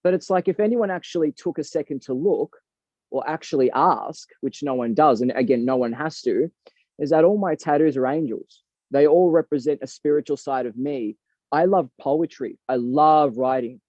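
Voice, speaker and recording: A man talks earnestly and reflectively in an interview, leaning into his points with emphasis. His voice sits fairly high but sounds warm and mellow. The recording is dry and dull, with a lo-fi edge. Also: normal speed, dry recording. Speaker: boxing coach and guest.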